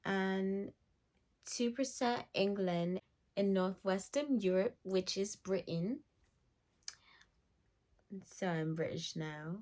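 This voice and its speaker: Slow-talking excited woman vlogger. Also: mid-range voice. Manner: slow, excited and chatty, reads passages aloud. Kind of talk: casual vlog, reading results aloud.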